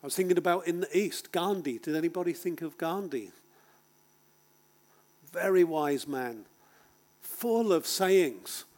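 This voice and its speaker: A man preaching a sermon to a congregation, emphatic, with dramatic pauses and rhetorical questions. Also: fairly high pitch, expressive, a little mellow. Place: speaking to a congregation.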